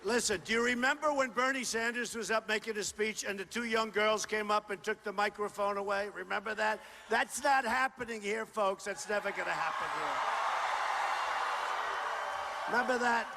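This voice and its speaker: The voice is a man's, high and bright yet gravelly, moving at a moderate pace as he gives a campaign rally speech through a stage mic. A political candidate in a large indoor university venue, he boasts in repetitive, punchy bursts and often shouts to the crowd. A long reverb and a faint wash of crowd noise color the sound.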